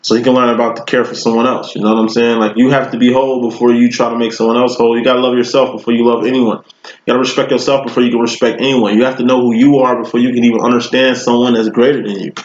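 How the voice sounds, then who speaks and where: A man gives a casual tarot reading in a loose, profane, slangy style, wandering through long analogies as he goes. His voice sits at a middling pitch. The sound is roomy and a little dull, like a lo-fi home recording. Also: little pitch movement, very fast, a little hiss or hum. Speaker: tarot reader.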